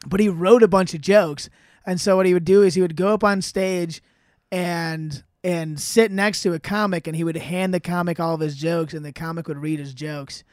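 Young comic guy chatting, fairly high voice, smooth and dry, swears a lot, laughs easy. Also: steady tone, normal speed, no room sound. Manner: laid-back, profane, laughs often. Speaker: podcast co-host and stand-up comic. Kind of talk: casual chat.

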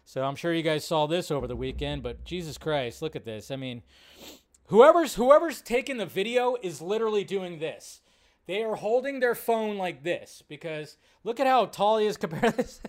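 Young guy hosting a live show, kinda high voice, cusses a lot, gets hyped. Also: moderate pace. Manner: excitable, profane, riffing with put-on bits. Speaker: host. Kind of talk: casual live show chat.

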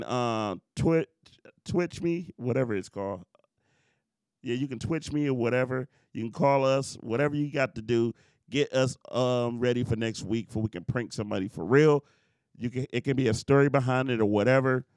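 A man's voice: medium pitch, normal speed, darkish tone, no room sound, clean studio sound. A man hosting a podcast, talking in a laid-back, slangy way as he reads out plugs. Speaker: podcast host. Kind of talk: casual chat.

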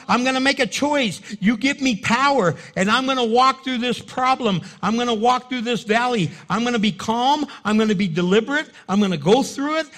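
A middle-aged male pastor preaching an animated sermon, acting out quoted voices as he goes. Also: high voice.

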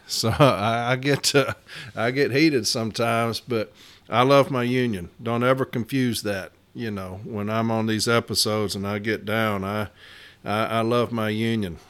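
A man's voice: mid-range voice, fairly bright tone, smooth. Middle-aged male podcast host, folksy, laughs a lot, passionate. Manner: folksy, laughs often, rambling and heated. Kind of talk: casual podcast monologue.

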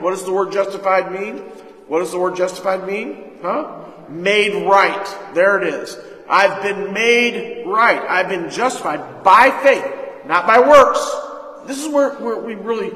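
A man with a high, bright voice preaches a sermon, throwing questions to his congregation and answering them himself. His voice rings through a large, echoing hall with a long reverb tail. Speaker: pastor. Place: church hall. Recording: echoey hall.

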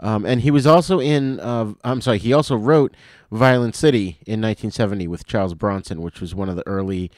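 A man co-hosting a film podcast, easygoing, laughing often and trailing off quietly. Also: on the low side, fairly quick, dry recording, studio quality. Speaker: podcast co-host. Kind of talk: casual film review chat.

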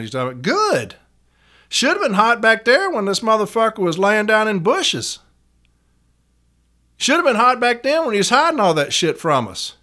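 A man's voice: high-pitched, big pitch swings, moderate pace, pushed and bright. A man, a union activist giving a blunt, profane rallying rant to fellow members. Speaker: letter carriers' union activist and podcaster.

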